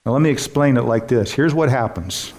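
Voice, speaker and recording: Here a man delivers a sermon as a pastor and Bible teacher in a mid-range, slightly mellow voice. Earnest and emphatic, he puts questions to the congregation and slows to stress important words.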